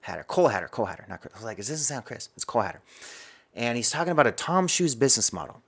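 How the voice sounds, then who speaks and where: Man, podcast guest, animated storytelling, acts out inner dialogue, mid-range voice. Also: mid-range voice, rapid-fire, breathy edge. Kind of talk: personal storytelling.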